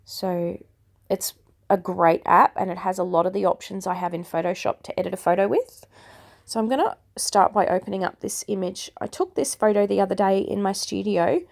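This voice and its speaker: A woman in her thirties, croaky from a cold, chatting her way step by step through a phone photo-editing tutorial. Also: medium pitch, moderate pace. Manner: chatty and self-deprecating, explaining step by step. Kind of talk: casual screen-recorded tutorial.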